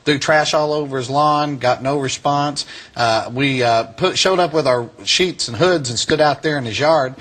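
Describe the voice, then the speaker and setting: A man, a former Klansman turned preacher, telling his testimony to an audience in a folksy, animated way. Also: fairly high pitch, normal speed. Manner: folksy, animated, drawling storyteller.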